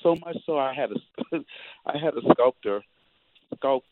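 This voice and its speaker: A man's voice: medium pitch, lively intonation, a little slow, slight background noise. A man calling in to a radio show, effusive and emotional as he gushes his thanks. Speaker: caller. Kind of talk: call-in radio. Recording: dry tinny phone line.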